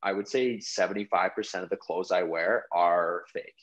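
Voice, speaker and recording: A man's voice: deep voice, moderate pace. A young man, a pro hockey player, chatting as a guest on a remote call, rambling with lots of "like" fillers. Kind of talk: casual interview chat.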